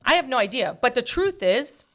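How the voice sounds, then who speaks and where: A woman's voice: a little high, big pitch swings, normal speed, fairly bright tone. A woman in casual podcast chat, talking emphatically and bluntly, repeating phrases for stress.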